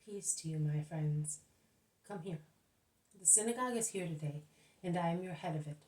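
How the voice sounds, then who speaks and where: Woman reading gentle male teacher, soft and measured, low pitch, distant mic. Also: lightly acted. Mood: welcoming. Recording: echoey room, voice off-mic.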